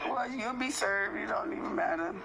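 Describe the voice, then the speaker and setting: A woman in a heated, profane personal rant, confronting someone, repeating herself and then forcing herself to calm down. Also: medium pitch, moderate pace, gravelly, heavy background noise. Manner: confrontational, repetitive, profane, swings between yelling and calming down.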